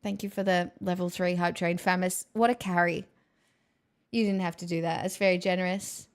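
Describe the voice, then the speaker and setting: A woman's voice: fairly low pitch, flat delivery, moderate pace, smooth. A woman live streamer chatting casually with her viewers at home in her kitchen, playful and self-mocking.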